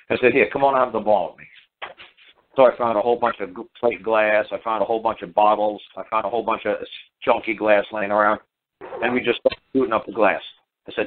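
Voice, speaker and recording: A man's voice: lowish voice, steady tone, fast talker. Middle-aged guy rambling on, repeats stuff, acts out what people said, tinny phone sound. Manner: rambling, repeats words, acts out quoted dialogue. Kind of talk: casual storytelling talk.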